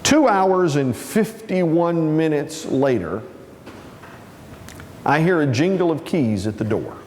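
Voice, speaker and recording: A man's voice: a little high, expressive, slow, darkish tone, big-room sound, slight background noise. A man giving a storytelling keynote speech, acting out the voices of people in his story. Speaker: keynote speaker.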